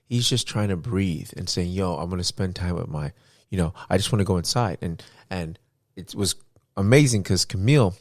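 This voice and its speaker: Low-voiced man in casual podcast chat. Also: normal speed, no room sound. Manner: rambling, animated retelling with frequent restarts. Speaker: podcast co-host.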